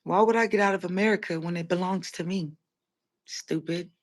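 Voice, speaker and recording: A woman's voice: lowish voice, a little fast. A woman hosting a livestream, talking casually and bluntly as she answers her viewers' comments. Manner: blunt, opinionated, talks straight to chat. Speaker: livestream host.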